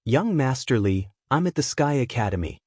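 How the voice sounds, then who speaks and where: A man's voice: medium pitch, sing-song, moderate pace, a little mellow, dry recording. A man reading the lines of a humble, respectful male subordinate on the phone, in an audiobook. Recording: dry close-miked studio sound.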